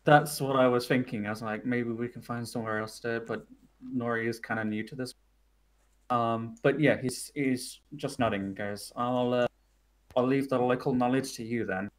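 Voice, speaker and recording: A man's voice: medium pitch, steady tone, moderate pace. A man playing a tabletop game, easygoing and thinking aloud. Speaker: player.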